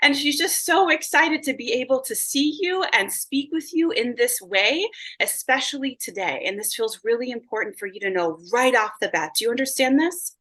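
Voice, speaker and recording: A woman's voice: high-pitched, expressive, moderate pace, fairly bright tone, poor audio. A woman working as a psychic medium in a reading session, bubbly and gushing, full of filler words.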